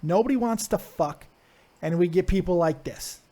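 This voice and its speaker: A man's voice: high voice, moderate pace, mellow. A man hosting a live call-in show, loose and joking, swearing freely as he chats with callers. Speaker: host.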